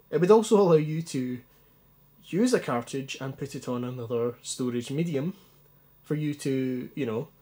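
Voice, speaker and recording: A man's voice: fairly high pitch, a little mellow. A man rambling through a hands-on gadget demo with a lot of ums and restarts, a bit anxious and stuttering. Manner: rambling, self-deprecating, many ums and restarts. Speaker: retro gaming youtuber.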